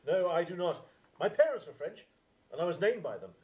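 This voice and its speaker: A man acting a deadpan male assistant with a convoluted backstory in a live stage comedy sketch. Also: high-pitched, fairly quick. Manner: deadpan, matter-of-fact replies.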